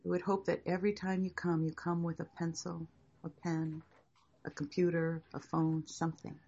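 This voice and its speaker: An older woman teaching a class, speaking in a gentle, encouraging and unhurried way. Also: low-pitched, level tone, slightly rough, lo-fi sound. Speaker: meditation teacher. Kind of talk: guiding a class.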